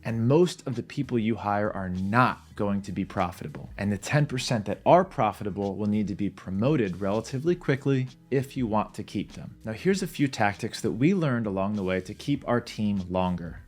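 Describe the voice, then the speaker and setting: Lowish-voiced man teaching sales. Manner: direct, confident, plain-spoken. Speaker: sales trainer. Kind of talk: instructional talk to camera.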